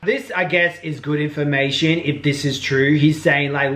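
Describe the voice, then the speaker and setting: A man's voice: on the high side, fairly even intonation, normal speed, fairly bright tone. A man hosting a commentary channel, talking bluntly and casually. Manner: blunt, casual, says "bro" and "like".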